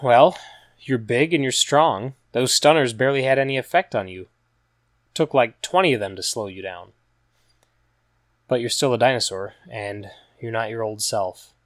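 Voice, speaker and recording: A man's voice: mid-range voice, moderate pace, dry recording, clean studio sound, close to an everyday voice. A man voicing a caring, determined woman. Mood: urging. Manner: gentle questioning, hushed at times.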